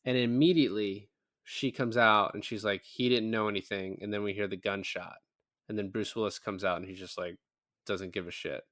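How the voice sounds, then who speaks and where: A man with a fairly low-pitched, fairly bright voice and fairly even intonation talks at normal speed. He co-hosts a podcast, casually recapping a film while acting out quoted lines and swearing freely. The recording is dry and studio quality.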